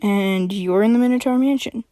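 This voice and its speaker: A woman's voice: medium pitch, normal speed, dark tone, dry recording, studio quality, natural voice. Woman reading as Freya, a wary stammering young woman. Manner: hesitant, stammering.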